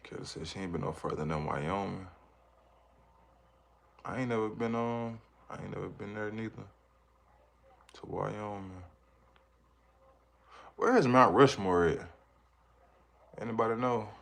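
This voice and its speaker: Reading chat on a casual livestream, this man with children rambles and reacts to comments in a fairly low, gravelly voice, keeping a measured pace broken by long pauses.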